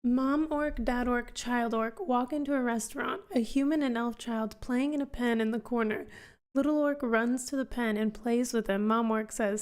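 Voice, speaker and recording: A woman's voice: on the high side, steady tone, normal speed, a little mellow. A woman hosting a casual livestream book club, greeting viewers and reading their jokes aloud with frequent giggles. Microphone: streaming mic.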